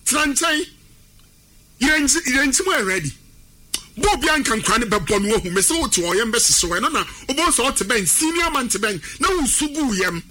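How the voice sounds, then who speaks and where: A Ghanaian man talks sport in a strikingly high, bright voice that rises and falls a lot. He is emphatic, repeating words for effect and slipping into a sing-song cadence, with a faint hiss of background noise. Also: sing-song, normal speed. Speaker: sports pundit. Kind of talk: animated sports talk mixing Twi and English.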